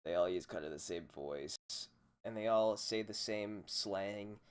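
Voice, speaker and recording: A young man rants alone into a desk microphone, swearing freely and wandering from point to point. His voice sits a little low, and his sarcasm runs through the whole monologue. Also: unhurried, clear, resonant tone. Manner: profane, rambling, sarcastic. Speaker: podcast host. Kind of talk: solo rant podcast.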